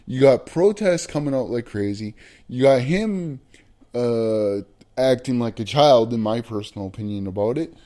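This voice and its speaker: A man ranting bluntly in an opinion vlog, profane and emphatic, slowing down to hammer his points. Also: medium pitch, expressive, mellow. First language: not American. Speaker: vlogger.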